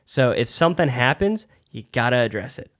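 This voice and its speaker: A young man co-hosting a casual chat about stand-up comedy, telling animated stories and swearing freely. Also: mid-range voice, brisk. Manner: animated storyteller, swears a lot. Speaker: podcast co-host, aspiring comedian.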